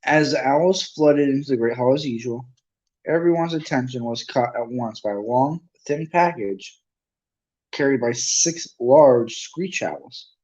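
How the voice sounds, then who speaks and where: A man's voice: mid-range voice, measured pace, darkish tone, dull audio. A man reading a novel aloud as an amateur narrator, often stumbling and correcting himself. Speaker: amateur audiobook reader.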